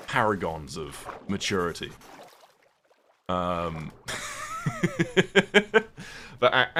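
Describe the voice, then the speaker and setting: A man's voice: deep voice, sharp tone, slight background noise. A man streaming a game, rambling in casual chat and often laughing at himself. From United Kingdom. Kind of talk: casual livestream chat while playing a game.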